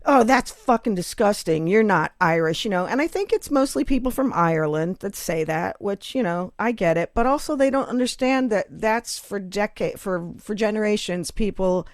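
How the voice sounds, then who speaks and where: A middle-aged American woman hosting a podcast, telling stories in a lively, blunt way and swearing freely. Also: mid-range voice, normal speed, hardly any pauses, dry recording, clean studio sound. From United States. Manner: animated storyteller, swears freely. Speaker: podcast host. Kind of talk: casual podcast chat.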